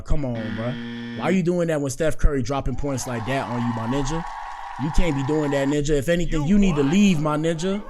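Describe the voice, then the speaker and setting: Young guy live streaming, casual slangy commentary, mid pitch, talks back at the screen. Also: a little mellow. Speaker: show host.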